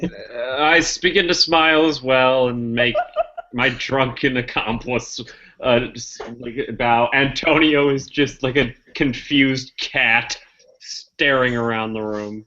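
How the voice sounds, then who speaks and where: A man playing in a tabletop game, describing his character's actions in a low-key, hesitant way. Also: fairly even intonation, slow, pushed and bright. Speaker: player. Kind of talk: casual play talk. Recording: dull lo-fi recording.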